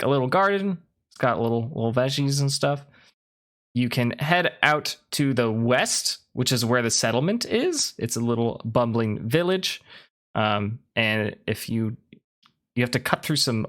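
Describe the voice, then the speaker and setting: Acting as game master for a tabletop game, a man narrates in a loose, casual way. He giggles often and fills his scene-setting with ums and likes. His voice is medium in pitch with a fairly bright tone.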